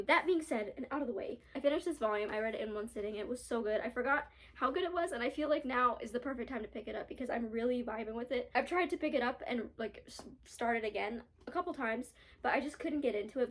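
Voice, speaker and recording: A young woman chatting casually in a reading vlog, bubbly and giggly, with lots of filler words. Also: a little high. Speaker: book vlogger.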